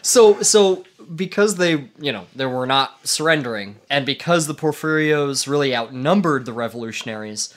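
A man co-hosting a casual podcast leads the history topic, recounting it in a rambling way full of fillers, restarts, and frequent laughs. His mid-range voice has lively intonation, a normal speed, and hardly any pauses, captured on a studio microphone.

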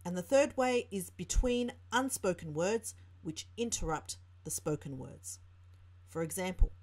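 A woman's voice: fairly low pitch, lively intonation, a little slow, darkish tone, husky. A woman tutor with an Australian accent, explaining a writing lesson and reading example sentences aloud. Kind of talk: teaching lesson narration.

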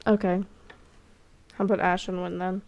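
A woman casually commenting while playing a game, giggly, excitable and self-mocking. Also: lowish voice, normal speed, muffled recording. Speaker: gamer playing a cat role-play game. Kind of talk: casual let's-play commentary.

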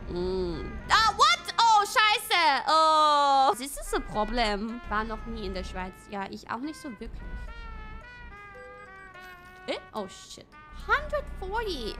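A young woman from Europe streaming a driving game, excitable and swearing often, breaking into shouts. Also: high-pitched. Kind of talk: live gameplay commentary. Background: game music.

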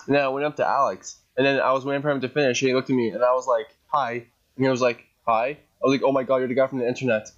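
A man co-hosting a podcast in casual chat, excitable and rambling, with lots of "like". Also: mid-range voice, very fast, highs cut off. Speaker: podcast co-host.

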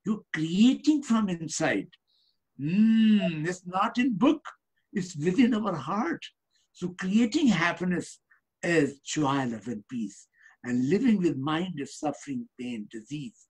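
A man's voice: high voice, husky. A man speaking as a yogi guest, preaching uplifting ideas in simple broken English. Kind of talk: casual interview talk.

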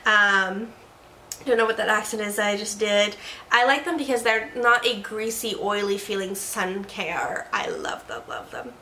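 Chatty bright-voiced woman in an echoey room. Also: on the high side, slight background noise. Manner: chatty and playful, with joking asides and self-corrections. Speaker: beauty product reviewer. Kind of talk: casual product review chat.

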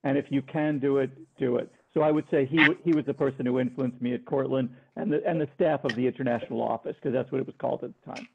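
A man's voice: mid-range voice, steady tone, fast, creaky, few pauses, slight background noise. A lawyer on an alumni panel, speaking emphatically with restarts as he searches for words. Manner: emphatic, repeats himself while he searches for words. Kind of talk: panel discussion. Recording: phone-like call audio.

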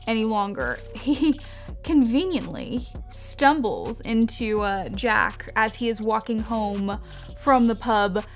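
A woman's voice: on the high side, animated, slow pace, faint music behind. A woman vlogger casually telling a story while doing her makeup, rambling into tangents, cutting herself off and swearing freely. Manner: rambling, chatty, self-interrupting, swears freely. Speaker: beauty vlogger.

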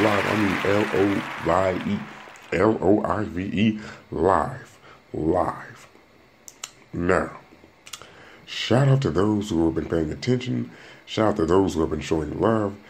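A man's voice: low-pitched, very noisy. A young man hosting his own podcast, talking casually and joking, rambling and restarting his sentences. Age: young adult. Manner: rambling, joking, repeats words and restarts often. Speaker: podcast host. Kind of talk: casual solo podcast monologue.

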